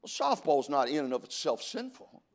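A man's voice: on the high side, very animated, normal speed. A middle-aged male pastor from California preaching a sermon, telling stories with stammered restarts and reading scripture in a rising preaching cadence. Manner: storytelling with repeated stammered restarts.

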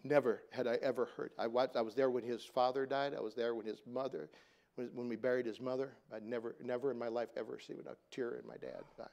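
Speaking fast with a gravelly voice and little pitch movement, a middle-aged pastor tells a family story during his sermon. His delivery is conversational, rising loud to stress points before sinking soft and low.

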